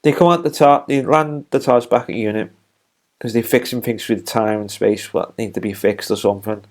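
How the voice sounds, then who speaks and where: A man's voice: mid-range voice, a little fast, darkish tone. A man casually reviewing a TV episode, retelling the plot in a rambling way with many restarts and fillers.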